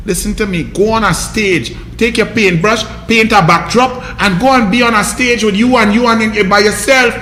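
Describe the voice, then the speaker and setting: A Trinidadian man rants through political commentary, his voice very high and bright with a sharp edge. He scolds and mocks in a combative way, and the sound carries a roomy echo. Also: normal speed.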